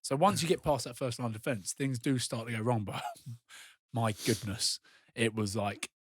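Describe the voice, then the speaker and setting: A man with a medium-pitched voice breaks down rugby action with lively, animated energy, like a former player chatting on a podcast. The sound is dry and close, with no room echo. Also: normal speed, husky. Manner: animated, talks through match action. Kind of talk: casual podcast chat.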